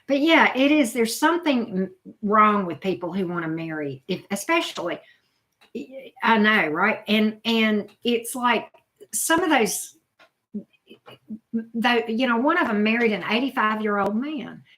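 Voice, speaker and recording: Hosting a relaxed live-stream chat, a middle-aged woman responds to comments and the people behind them, exclaiming often in a chatty way. She speaks at a moderate pace in a medium-pitched, animated voice that's a bit bright.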